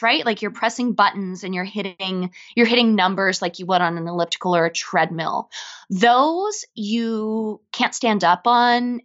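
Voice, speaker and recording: A woman from Los Angeles, a fitness instructor, chatting on a podcast in an upbeat, animated way. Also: medium pitch, highs cut off. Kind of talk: casual podcast chat.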